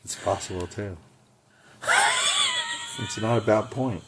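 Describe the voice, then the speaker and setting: A man's voice: fairly low pitch, slow, a little hiss or hum. A man co-hosting a podcast in casual chat, emphatic and teasing. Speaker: podcast co-host.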